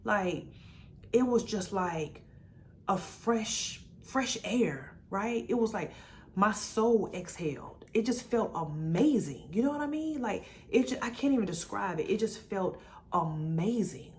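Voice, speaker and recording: Lively woman in her 40s, chatty faith vlog, keeps calling you baby, bit of hiss behind. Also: mid-range voice, measured pace. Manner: animated, chatty, calls the viewer baby and girl. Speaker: vlogger sharing her testimony. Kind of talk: casual faith talk to camera.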